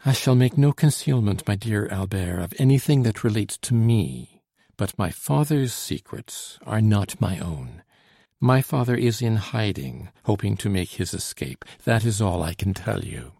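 Earnest, gracious young aristocrat woman, voiced by a male reader, mellow, dry sound. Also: lowish voice, expressive, a little slow, creaky, slightly rough, dry recording, heavily acted. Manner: gentle, formal and polite.

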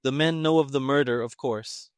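Man doing a cranky sarcastic colonel, kinda loud and pushy, dry recording. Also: mid-range voice, normal speed, no room sound, voice pushed up, natural voice. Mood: gruff. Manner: gruff, sarcastic, emphatic. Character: irritated, sarcastic older male army colonel.

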